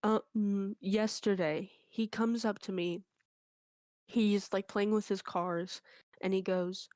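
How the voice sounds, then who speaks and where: A woman's voice: mid-range voice, takes it slowly, no room sound, clean studio sound. A woman telling a funny story in casual chat, acting out the people in it. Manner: animated anecdote telling with quoted voices. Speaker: co-host.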